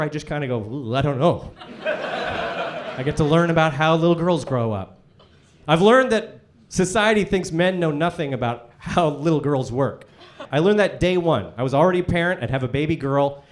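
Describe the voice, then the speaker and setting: A man in his forties doing a high-energy stand-up set on stage before a live audience, ranting with shouted punchlines. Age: 40s. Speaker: stand-up comedian.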